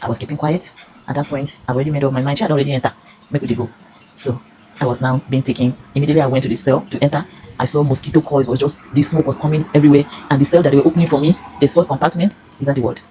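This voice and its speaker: A woman's voice: a bass voice, fairly even intonation, rapid-fire, warm tone, slight background noise, rough recording. A Nigerian woman in her fifties giving an earnest, pleading personal testimony. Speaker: consumer reviewer.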